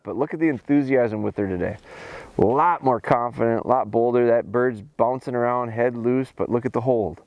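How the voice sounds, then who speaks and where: A man's voice: fairly quick, noisy background. A man training his bird dogs in a snowy field, explaining each step between commands. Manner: calls dogs in a high excited voice, then explains calmly. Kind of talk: outdoor training commentary.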